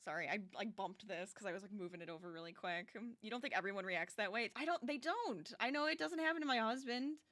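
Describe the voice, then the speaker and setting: A woman's voice: medium pitch, fast talker, hardly any pauses, fairly bright tone. A young adult woman streaming as she crochets, chatting casually and animatedly with her viewers and laughing often.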